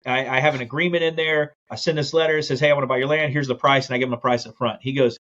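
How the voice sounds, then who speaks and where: This podcast interview guest, a land investor, speeds through the story of his business with animated energy, performing each quote along the way. His voice sits in the mid-range, and the audio is dull.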